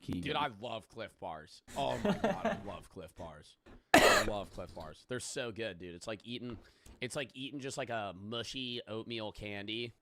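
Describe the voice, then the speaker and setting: A man's voice: lowish voice, animated, normal speed, a crowd in the background. A young man in casual live-stream reaction chat who rambles, jokes and swears freely.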